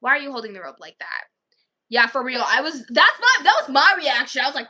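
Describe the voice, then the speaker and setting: A woman's voice: high voice, sing-song, fairly quick, sharp tone. A young woman casually telling a story to camera, chatty and full of "like", acting out what the kids said. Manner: chatty, acts out quoted kids, many "like"s. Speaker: vlogger.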